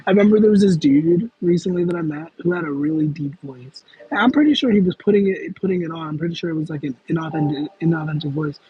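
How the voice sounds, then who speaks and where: A man's voice: fairly high pitch, quick pace, few pauses, husky, highs cut off. A young man chatting casually on a livestream, answering viewer comments in a rambling, self-aware way. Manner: rambling, self-aware, with frequent fillers and laughs. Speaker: livestream host.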